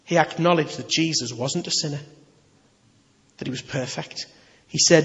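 Animated preacher in an echoey hall. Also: male voice, mid-range voice, normal speed. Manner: animated, conversational, emphatic. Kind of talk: sermon. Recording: echoey hall, slightly dull.

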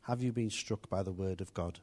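A man's voice: low-pitched, brisk, a little mellow. A man preaching an informal sermon, talking conversationally with restarts and asides to his congregation.

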